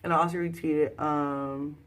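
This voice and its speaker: A woman recapping a TV episode in a casual, slangy way, talking straight to her viewers and breaking into loud exclaiming at times. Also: low-pitched, steady tone, a little slow. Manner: chatty, slangy, addresses viewers directly. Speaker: TV episode reviewer.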